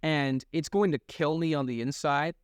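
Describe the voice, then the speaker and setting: A young man co-hosting a podcast in casual chat, animated and laughing often, with quick swings in pitch. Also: clear, resonant tone, no room sound, clean studio sound. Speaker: podcast co-host.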